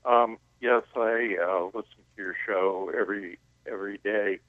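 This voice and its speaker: A man's voice: on the low side, steady tone, moderate pace, dry recording. A man calling into a radio show, speaking hesitantly with many fillers over the phone. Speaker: caller. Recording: tinny phone line.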